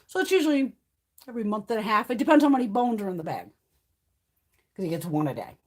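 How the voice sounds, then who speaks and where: A woman's voice: medium pitch, very animated, quick pace, a little mellow. A woman hosting a live stream from home, chatting casually, swearing freely and laughing often. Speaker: livestream host. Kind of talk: casual chat.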